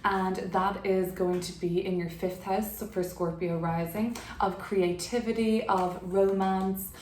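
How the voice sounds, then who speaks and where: A woman's voice: medium pitch, fairly even intonation, a little slow, a little mellow, reverberant, slight background noise. A woman giving a casual tarot reading from her apartment, chatty and full of fillers. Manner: chatty, filler-heavy, laughs easily. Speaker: tarot reader.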